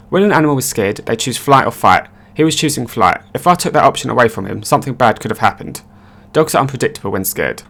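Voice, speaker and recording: A man giving scripted narration of online stories in a brisk, matter-of-fact reading voice. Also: mid-range voice, lively intonation, fairly bright tone.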